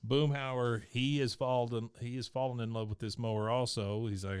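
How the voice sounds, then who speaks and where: A man's voice: medium pitch, steady tone, moderate pace, hardly any pauses, clean tone, no room sound. Man retelling cartoon scenes on a podcast. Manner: retells scenes by acting out character lines. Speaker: podcast co-host. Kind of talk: casual chat recapping a cartoon episode.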